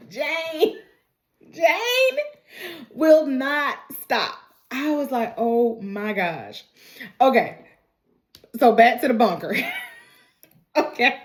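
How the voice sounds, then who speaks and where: A woman giving a casual, animated recap of a TV episode, laughing often and swearing freely. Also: on the high side. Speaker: TV recap vlogger.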